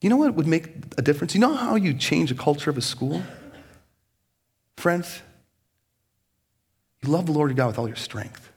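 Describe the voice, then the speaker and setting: A male pastor delivers a sermon with a husky, slightly raised voice. His pitch swoops widely as he acts out quoted voices in an animated, conversational way. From United States.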